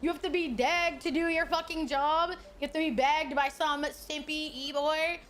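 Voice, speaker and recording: A woman's voice: sits high, steady tone, moderate pace, fairly bright tone, slight background noise. A woman voicing a hostile young woman gamer who swears and sneers. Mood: scornful. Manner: scornful, swearing.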